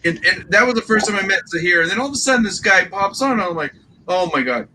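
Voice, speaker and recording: A man hosting a casual reseller livestream chat, telling animated, rambling stories full of acted quotes. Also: high-pitched, fast talker, a little hiss or hum, low-quality recording. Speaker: livestream host.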